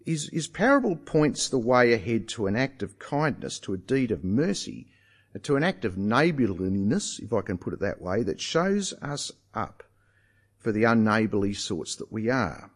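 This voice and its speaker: A man preaching a sermon, emphatic and animated, putting rhetorical questions to his listeners. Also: medium pitch, moderate pace.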